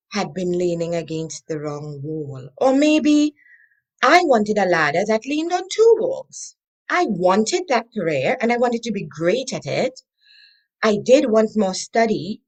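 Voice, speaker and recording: A woman, a coach and interview guest, telling her story in an animated, expressive way. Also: mid-range voice.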